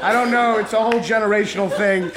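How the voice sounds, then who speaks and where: A man in his thirties from Kentucky doing a deadpan, self-mocking stand-up set and chatting with the crowd. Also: high voice, brisk, very noisy. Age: 30s. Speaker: stand-up comedian. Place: comedy club stage. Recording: echoey club, audience laughter.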